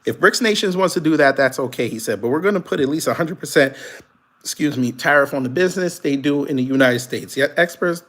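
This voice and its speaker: A man hosting a live commentary stream, reading a news article aloud and firing back at viewers in chat. He talks in an animated, profane way and laughs often. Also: fairly high pitch, brisk. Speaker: commentary channel host.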